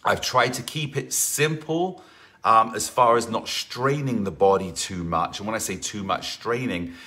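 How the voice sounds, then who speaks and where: A man's voice: low-pitched, bright, forceful tone. A man leading a live online workout class as fitness instructor, chatty and encouraging, greeting viewers by name between rambling asides.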